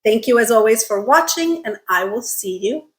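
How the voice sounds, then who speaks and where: A woman teaching English pronunciation in an online lesson, speaking clearly and carefully and often checking in with the viewer. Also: on the high side, expressive, moderate pace, rough recording.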